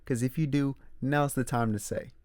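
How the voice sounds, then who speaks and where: A man hosting a casual solo movie talk, emphatic and animated, repeating his points. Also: medium pitch, normal speed, dry recording. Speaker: movie review host. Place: room with a squeaky chair.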